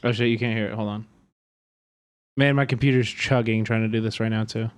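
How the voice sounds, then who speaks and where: A man's voice: fairly low pitch, fairly even intonation, brisk, smooth. A man streaming live, telling a story in an agitated, profane way that rambles with many fillers.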